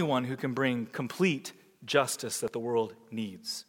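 A man preaching a sermon as pastor, swinging from loud emphatic peaks to hushed low passages. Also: unhurried, slightly rough, long reverb tail.

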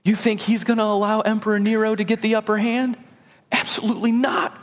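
A man preaching a sermon as pastor, earnest, moving between urgent emphasis and quiet, soft passages. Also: moderate pace. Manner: earnest, swings between high urgent and low soft delivery. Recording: long hall reverb.

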